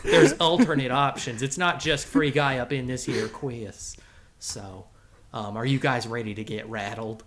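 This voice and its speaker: A man's voice: mid-range voice, measured pace, hardly any pauses, a bit bright, pitched below the performer's own voice, close to an everyday voice. A man voicing a goofy drawling cowboy outlaw who hosts a quiz game, rambling and tripping over his own words. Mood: hammy. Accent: put-on cowboy drawl. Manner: rambling, goofy, self-interrupting. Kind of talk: comedic podcast bit.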